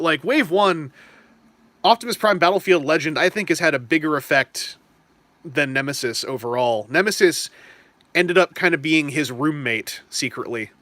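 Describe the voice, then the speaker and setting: A chatty young man hosts a live stream, answering questions in a loose, rambling way. His voice is bright and sits a little high. The sound is close and dry. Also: no echo. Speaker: stream host. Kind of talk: casual live-stream chat about toys and trading cards.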